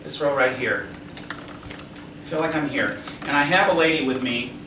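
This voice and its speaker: In a restaurant dining room, a psychic medium demonstrates live before a seated audience, speaking at a moderate pace in a medium-pitched voice. He checks in with the listener constantly and laughs lightly along the way, and the distant camera audio sounds roomy, with background noise.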